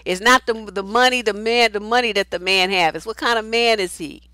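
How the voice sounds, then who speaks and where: A blunt, outspoken woman speaks as a relationship coach, her talk loose and unscripted as she answers viewer comments. She swears freely and does not soften her opinions. Her voice sits at a middle pitch and sounds close and dry, with no room echo. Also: brisk. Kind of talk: casual advice talk, reading viewer comments.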